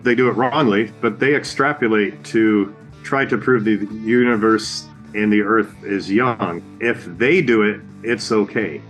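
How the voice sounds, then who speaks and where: A man's voice: on the low side, a little slow, a bit bright, soft background music. A man co-hosting a podcast, talking earnestly and conversationally, laying out his points one by one. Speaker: podcast co-host. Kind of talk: casual chat.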